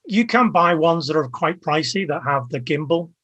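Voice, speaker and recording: A man being interviewed as a guest, giving casual advice with an energetic, emphatic coaching tone. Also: fairly high pitch, moderate pace. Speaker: guest, video creator.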